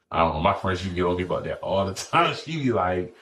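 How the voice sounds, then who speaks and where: Low-voiced man telling profane stories. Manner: profane, animated storyteller acting out others' lines. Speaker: podcast guest. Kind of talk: casual storytelling chat.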